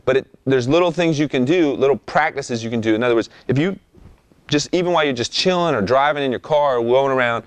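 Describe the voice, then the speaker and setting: A young man talking through a hands-on vocal lesson in an easygoing, demonstrative way. His voice sits at an ordinary middle pitch, and he keeps checking in with his listeners, often tossing in an "okay?". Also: fast, dry recording. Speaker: rap vocal instructor. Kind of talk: instructional talk.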